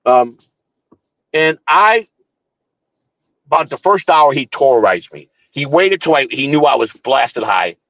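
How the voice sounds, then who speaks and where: A man's voice: mid-range voice, big pitch swings, a little slow, long pauses, fairly bright tone, no room sound, lo-fi sound. A man hosting a morning show, telling a long story in casual, profane, rambling talk with frequent restarts. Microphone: streaming setup.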